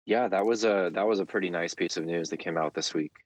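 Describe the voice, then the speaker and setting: A man's voice: low-pitched, fast, no echo. A man speaking as a guest in a conversational interview, thoughtful, with frequent fillers and restarts.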